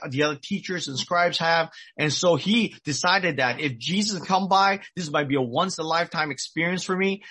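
A man's voice: fairly high pitch, pushed and bright, slightly rough. A middle-aged man preaching a sermon, retelling a story earnestly and repeating his key points. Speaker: pastor.

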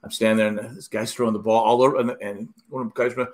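A man's voice: mid-range voice, level tone, very fast, few pauses, darkish tone. A middle-aged man hosting a podcast in casual chat. He tells rambling stories and acts out quoted lines. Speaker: podcast host.

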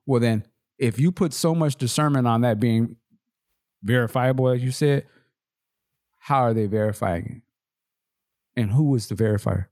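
A man's voice: medium pitch, moderate pace, long pauses, darkish tone. A man co-hosting a podcast in casual chat, laid-back and slangy, laughing often and asking rhetorical questions. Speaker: podcast co-host.

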